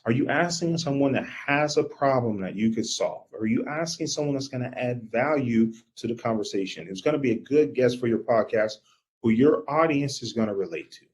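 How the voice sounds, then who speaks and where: Energetic man coaching with lively pitch. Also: brisk. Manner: energetic, animated, talks straight to the audience. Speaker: business coach. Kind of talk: live coaching workshop talk.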